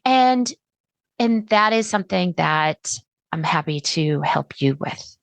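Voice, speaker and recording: A middle-aged woman hosting a solo podcast, chatty and animated, acting out her listeners' words. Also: low voice, a little slow, vocal fry, dry recording. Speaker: podcast host.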